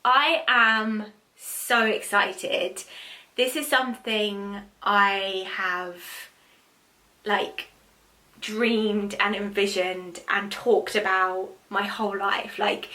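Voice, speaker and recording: A young woman answering viewer questions as a spiritual reader, in chatty, animated talk full of fillers. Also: medium pitch, extremely slow. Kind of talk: casual Q&A monologue.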